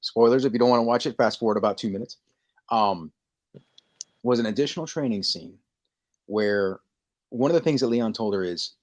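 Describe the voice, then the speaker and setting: A man co-hosting a casual podcast, telling stories with lively energy and acting out lines in quick bursts. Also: on the low side. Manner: animated storytelling, acting out movie lines. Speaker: podcast co-host. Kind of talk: casual chat.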